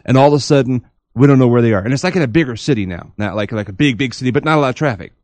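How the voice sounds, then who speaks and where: A man co-hosting a podcast, telling a long dream story in a rambling, animated way with many restarts. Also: medium pitch, rapid-fire, dry recording. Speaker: podcast co-host.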